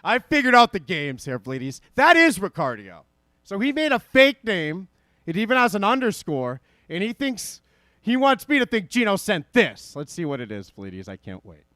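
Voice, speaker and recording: A man hosting a playful, animated livestream chat and reading donations aloud. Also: sits high, normal speed, no room sound, studio quality. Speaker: podcast host.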